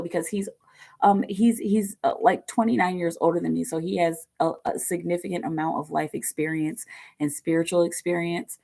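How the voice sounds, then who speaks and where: A woman with a tired, bass-heavy voice, rambling chattily with many fillers as she gives a live online tarot reading. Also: little pitch movement, moderate pace, mellow. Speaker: tarot reader.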